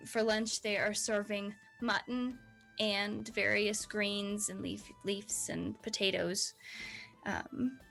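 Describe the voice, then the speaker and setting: A woman's voice: mid-range voice, a bit bright, poor audio. A woman narrating and running a tabletop game as dungeon master.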